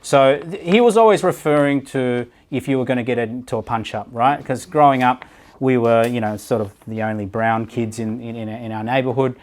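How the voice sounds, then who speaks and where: A man's voice: medium pitch, moderate pace. An Australian man hosting a podcast in casual chat, blunt and profane, who keeps checking in with "right?". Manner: blunt, swears freely, keeps asking "right?". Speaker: podcast host and property business owner.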